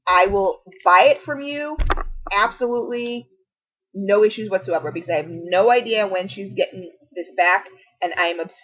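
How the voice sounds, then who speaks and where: A woman's voice: mid-range voice, normal speed. A middle-aged woman gushing through a casual product review to camera, chatty and full of asides. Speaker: beauty and home product vlogger. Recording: dull lo-fi home video audio.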